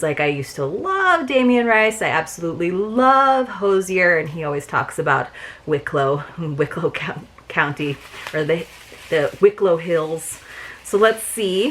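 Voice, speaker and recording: A woman's voice: fairly low pitch, a bit bright. Gushing chatty woman unboxing. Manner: chatty and gushing, many fillers. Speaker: unboxing vlogger. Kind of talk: casual unboxing chat.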